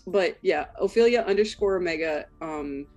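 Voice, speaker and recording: A woman guest on a casual podcast, hesitant and rambling with many pauses. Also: fairly low pitch, a little mellow, faint music behind.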